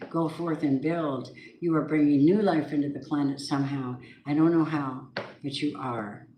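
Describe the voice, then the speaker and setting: A woman's voice: low voice, steady tone, moderate pace, dark tone, a little hiss or hum. A woman giving a weekly tarot reading, chatty and blunt, talking straight to the viewer. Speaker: tarot reader. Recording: roomy echoey room.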